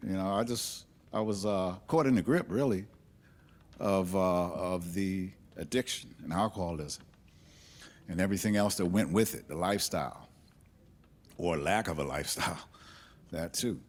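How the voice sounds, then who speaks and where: A man telling a personal story on stage in a candid, reflective way, with halting restarts. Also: sits low.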